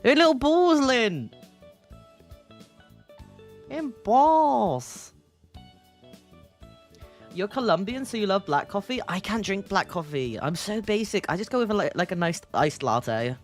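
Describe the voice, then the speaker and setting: A woman's voice: mid-range voice, sing-song, a little slow, long pauses, soft background music. A woman streamer chatting playfully and reading a game aloud, giggling and teasing. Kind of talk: casual commentary while reading a game aloud.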